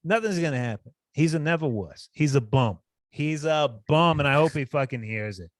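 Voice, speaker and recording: A man's voice: medium pitch, animated, fairly quick, no echo, studio quality. A man co-hosting a casual podcast, ranting bluntly and cursing a lot. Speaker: podcast co-host. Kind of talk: casual chat.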